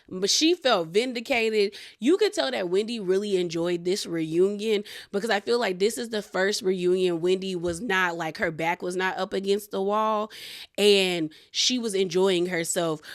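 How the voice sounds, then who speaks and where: A young woman recapping a reality show in casual commentary, acting out quotes of the cast members. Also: medium pitch.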